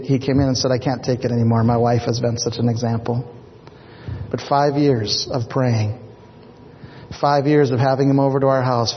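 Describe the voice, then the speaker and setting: A middle-aged man, a pastor, telling a personal story in a sermon, animated and acting out the voices of the people he quotes. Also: mid-range voice. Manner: animated, acts out quoted voices, repeats words. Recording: dull echoey hall recording.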